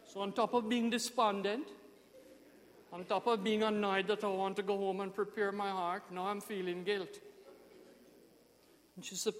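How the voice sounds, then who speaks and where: Jamaican male pastor, animated sermon storyteller, high voice, big hall echo. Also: normal speed, long pauses. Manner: animated storytelling, emphatic swings in loudness.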